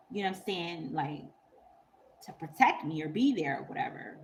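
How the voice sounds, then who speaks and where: Blunt, lively young woman ranting. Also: fairly low pitch, moderate pace, a little hiss or hum. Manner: blunt, profane, animated, laughs often. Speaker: vlogger. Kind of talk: unscripted storytime rant.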